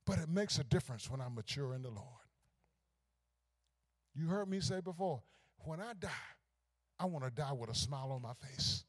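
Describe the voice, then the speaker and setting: A pastor preaching a sermon, swinging from hushed asides to shouted climaxes. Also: male voice, mid-range voice, expressive, normal speed, long pauses, slightly rough.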